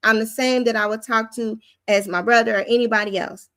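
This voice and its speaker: A woman with a fairly high voice teaches in a loose, conversational way, plain-spoken and animated. The sound is dry and close, with no room around it. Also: fairly quick, no echo. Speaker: Christian teacher and host.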